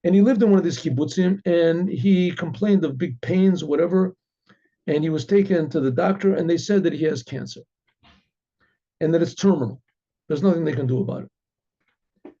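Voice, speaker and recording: Rabbi guy rambling through a story, gravelly husky voice, sounds dull and lo-fi. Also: on the high side, normal speed, long pauses, warm tone. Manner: rambling, many restarts and fillers. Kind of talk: casual spoken storytelling. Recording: dull lo-fi recording.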